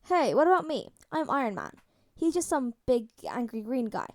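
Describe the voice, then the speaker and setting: A wry middle-aged man, fatherly and protective, as a woman reads him in a fan audiobook. He teases lightly but soothes gently, in a fairly high, clean voice with a dry, close sound. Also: sing-song, normal speed, no room sound. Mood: teasing.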